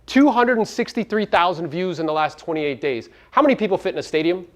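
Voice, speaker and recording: A man coaching a live audience at a seminar, brash and profane, firing rhetorical questions at the room and swinging between loud punches and low asides. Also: lively intonation, fast talker. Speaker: real estate coach and podcast host.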